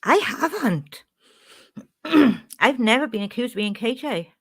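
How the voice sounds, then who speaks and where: A woman's voice: fairly high pitch, expressive, measured pace, breathy edge. A woman with a Welsh accent chats casually on her live stream. She talks straight to her viewers, reading out their comments and answering them as they come in. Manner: chatty, reads and answers chat.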